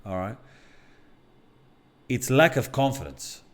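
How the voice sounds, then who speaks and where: A man's voice: mid-range voice, sing-song, takes it slowly, slight background noise. A man co-hosting a casual talk show, blunt and rambling, swearing constantly as he tells stories. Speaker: podcast co-host. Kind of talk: casual chat.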